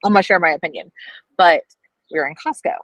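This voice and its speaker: On a casual live stream, a woman co-host with a fairly low, fairly bright voice talks fast. She's a dietetics student who tells chatty, meandering stories packed with fillers, lots of "like"s and restarts. The recording is dry and rough.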